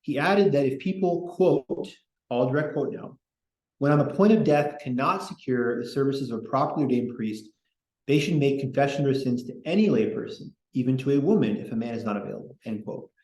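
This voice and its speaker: A man hosts a casual history talk, reading quotes and wandering into opinionated asides. His voice sits at a middle pitch. The recording carries a noticeable room echo. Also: brisk. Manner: digressive, opinionated, animated asides. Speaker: podcast host. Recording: echoey room.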